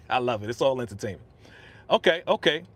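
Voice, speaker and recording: A man hosting a live stream at an easy, chatty clip, full of slang and loose asides to his viewers. His pitch sits in an ordinary middle range. He speaks close into a studio podcast microphone. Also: very animated, moderate pace, a bit bright. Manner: chatty and slangy, reads viewer comments aloud. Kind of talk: casual live stream commentary.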